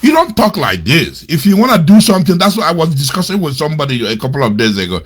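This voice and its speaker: A man with a husky voice, giving angry, scornful political commentary. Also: very animated, quick pace. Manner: scornful, indignant, repeats insults, swings between loud outbursts and low mutters. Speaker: commentator on a web radio show. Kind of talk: angry political commentary, reading out and mocking quotes.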